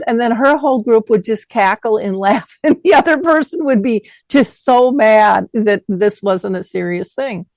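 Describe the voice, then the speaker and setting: A woman's voice: medium pitch, normal speed, hardly any pauses, no echo. Woman host chatting, acts out the quotes in her stories, dry close sound. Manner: animated storyteller acting out quotes. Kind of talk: conversational interview.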